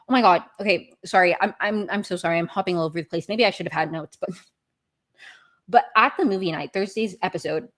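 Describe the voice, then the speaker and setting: A young woman hosting a podcast, recapping a reality show in a rambling, self-correcting way, with exasperated outbursts. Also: mid-range voice. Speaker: podcast host.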